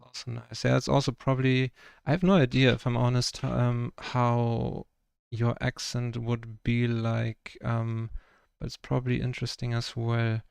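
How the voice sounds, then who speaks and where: A man's voice: mid-range voice, flat delivery, unhurried, gravelly, a little mellow, smooth, no room sound. A young man from Germany with a German accent, chatting casually and rambling with lots of fillers while he paints live on stream. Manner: rambling, filler-heavy, self-conscious about his English. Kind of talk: casual livestream chat.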